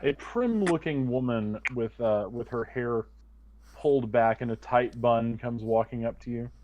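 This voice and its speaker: A man narrating as game master of a tabletop role-playing game, playful and quick to laugh. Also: medium pitch, darkish tone, highs cut off.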